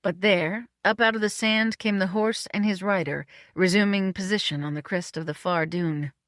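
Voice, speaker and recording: An audiobook narrator reading a novella in a brisk, even storytelling manner. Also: mid-range voice, no echo, studio quality. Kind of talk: scripted narration.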